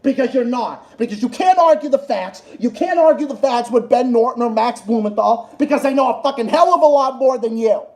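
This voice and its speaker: A man's voice: extremely high pitch, fairly quick, hardly any pauses, darkish tone. Furious, profane ranting man, echoey room. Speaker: livestream host. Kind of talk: angry political rant.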